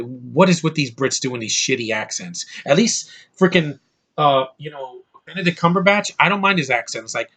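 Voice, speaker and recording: A man's voice: medium pitch, expressive, moderate pace, sharp tone. A man delivering an angry, profane movie review rant, exasperated and repeating himself when worked up.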